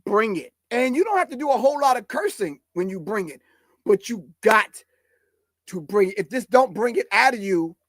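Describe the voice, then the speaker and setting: A man with a raspy voice talking casually and bluntly to a live audience about a beat in his studio, cursing and checking that they follow. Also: high-pitched, lively intonation, moderate pace, fairly bright tone, no echo. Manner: blunt, profane, emphatic, keeps asking if you follow. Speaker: hip hop artist and producer.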